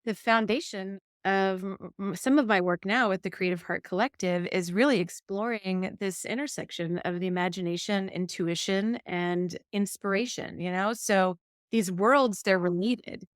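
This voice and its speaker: Woman, mid pitch, casual storytelling, animated, dry recording. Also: normal speed, smooth, dry recording. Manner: animated storyteller, acts out quotes. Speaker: podcast co-host. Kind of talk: casual chat.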